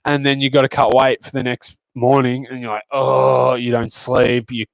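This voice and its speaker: A young Australian man talking as a podcast guest in a mid-pitched voice. He swears constantly and brags with a joking, crude swagger. The recording is close and dry, with no room sound. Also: level tone, moderate pace, vocal fry, no echo. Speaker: guest fighter. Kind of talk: casual podcast chat.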